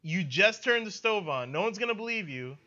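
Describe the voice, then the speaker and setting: Bright-voiced young man telling a story. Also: high voice, a little fast, lo-fi sound. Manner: laughing storyteller, deadpan punchlines. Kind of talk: casual storytelling chat.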